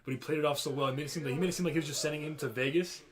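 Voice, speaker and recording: A young man talks fast in a loose, profane podcast chat. He tells film scenes with animated energy, acts out the lines and throws in "bro" as he goes. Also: on the high side, crowd noise. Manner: animated storyteller, quotes film lines, swears freely, says "bro". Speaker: podcast co-host. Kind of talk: casual chat.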